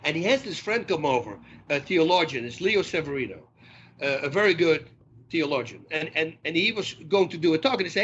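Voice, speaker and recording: A middle-aged man speaks as a podcast guest with a forceful, bright tone that sits a little high for a man. He tells his stories in an animated way and slips into the voices of the people in them. The recording is dull and lo-fi. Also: brisk, a little hiss or hum. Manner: animated storyteller who acts out dialogue. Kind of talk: storytelling interview talk.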